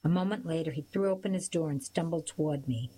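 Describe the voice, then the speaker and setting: A woman with a low voice reads a novel aloud in a steady, measured way. A faint hiss sits under the recording. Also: rough recording. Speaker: narrator. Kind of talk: audiobook narration.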